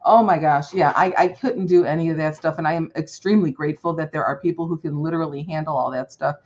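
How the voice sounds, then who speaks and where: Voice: medium pitch, quick pace. Chatty speaker on a dull video call. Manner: chatty, relaxed, with frequent fillers and agreement. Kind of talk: casual chat. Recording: dull lo-fi call audio with faint noise.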